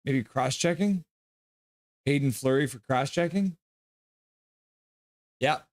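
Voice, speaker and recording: A man's voice: mid-range voice, slow pace, no echo. Chatty man reading live chat. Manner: reads viewer comments aloud, jokey, chatty play-by-play. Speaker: live stream host. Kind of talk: casual live-stream chat reading and game reaction.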